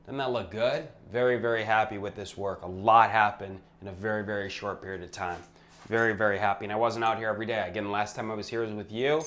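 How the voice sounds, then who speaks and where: A real estate investor walks through an empty house being renovated, vlogging in short, punchy, hyped-up phrases. His voice is on the low side and a bit bright, with a long reverb tail from the indoor space.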